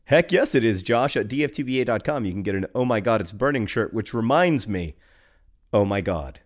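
A man's voice: mid-range voice, lively intonation, a little fast. Dry, wry male podcast co-host. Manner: dry and wry, heavy on "like" fillers. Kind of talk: casual chat.

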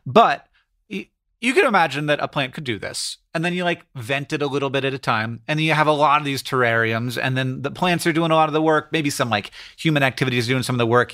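Bright rambling man on a podcast. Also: mid-range voice. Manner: rambling, thinks out loud with many restarts. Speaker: podcast co-host. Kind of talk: casual podcast chat.

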